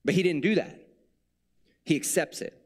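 A man's voice: on the high side, moderate pace, husky. A male preacher giving a sermon in a conversational, reflective way, with playful asides.

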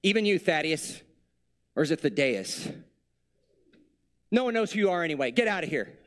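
A man's voice: big pitch swings, moderate pace, a bit bright. A man voicing a whiny, exasperated male Jesus who rants and throws a tantrum. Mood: whiny, indignant. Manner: shrill, exasperated ranting.

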